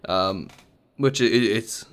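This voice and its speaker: A movie reviewer gives a casual spoken recap of a film, chatty and rambling, with plenty of fillers and restarts. His voice is on the low side and fairly bright, and he takes it slowly.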